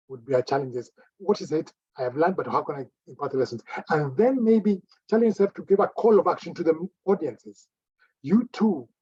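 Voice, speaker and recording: Husky man giving an encouraging evaluation. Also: on the high side, darkish tone, no room sound, dull audio. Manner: encouraging, repeats phrases for emphasis. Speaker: speech evaluator at a club meeting. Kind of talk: spoken speech evaluation.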